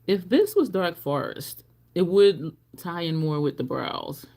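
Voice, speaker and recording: A woman talks her way through a makeup livestream in a relaxed, rambling chat. Her voice sits a little low, and she often laughs at her own stories. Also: unhurried. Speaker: livestream beauty host. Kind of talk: casual livestream chat while doing makeup.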